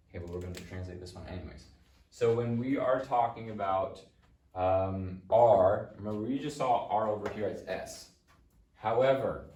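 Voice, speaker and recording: Off-mic in an echoey room, a man with a lowish, darkish voice leads a recorded Latin lesson. He goes through translations patiently, one step at a time, frequently saying "okay".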